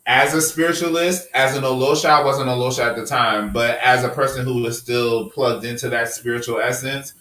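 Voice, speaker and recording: Male podcast host, heated and profane, preachy delivery, medium pitch. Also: steady tone, brisk, hardly any pauses, bright, forceful tone, reverberant, recorded from a distance, rough recording. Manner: impassioned, profane, preachy rants. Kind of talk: passionate casual podcast discussion.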